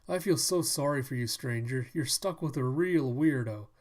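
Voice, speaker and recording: A man voicing a crowd of poor but cheerful townsfolk while reading a manga aloud, loud and folksy. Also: mid-range voice, moderate pace, natural voice. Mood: jolly.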